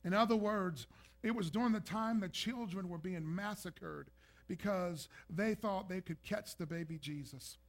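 A man preaching a sermon, building to loud, emphatic peaks and acting out scripture scenes. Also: high voice, a little slow. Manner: builds from calm to shouting intensity, acts out scripture voices.

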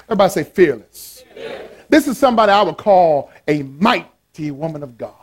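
Man, pastor, sermon, high voice, playful, animated, call-and-response. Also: fairly quick.

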